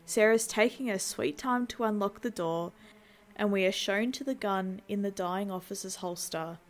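A woman's voice: mid-range voice, normal speed. A woman narrating a movie recap in a conversational tone, dropping in wry asides.

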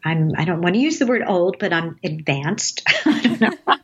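A woman's voice: fairly low pitch, big pitch swings, measured pace, fairly bright tone, dull audio, slight background noise. A woman in her late fifties, a guest in an interview, telling rambling stories and laughing often. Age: 50s. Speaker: guest, advertising creative. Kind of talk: casual interview storytelling.

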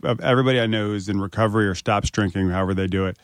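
A man hosting a casual chat, tossing in quick joking asides and questions. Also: fairly low pitch, steady tone, no echo, clean studio sound.

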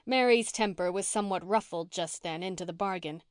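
A woman narrating a classic novel as an audiobook in a measured, expressive reading. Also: lowish voice, clean tone, no echo, clean studio sound. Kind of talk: scripted narration.

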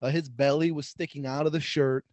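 A man's voice: a little high, steady tone, a little fast, darkish tone, dry recording. A young man co-hosting a casual podcast, telling crude, mocking stories and laughing often. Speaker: podcast co-host. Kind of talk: casual chat.

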